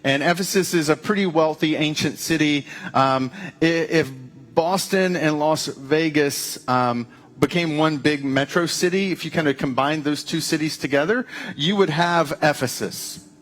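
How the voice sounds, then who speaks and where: Male pastor, sermon, casual and animated delivery, voice a bit on the high side. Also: unhurried. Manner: conversational, animated, with playful asides.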